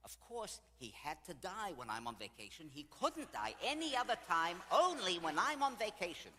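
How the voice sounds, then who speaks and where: A man voicing June, a blunt elderly woman on a tour, in a shrill, exasperated, complaining voice. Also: very animated, quick pace. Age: older. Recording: echoey hall.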